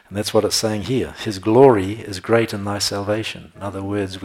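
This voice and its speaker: A man's voice: fairly low pitch, slightly rough. A man preaching a sermon, reading scripture aloud and commenting with frequent laughter.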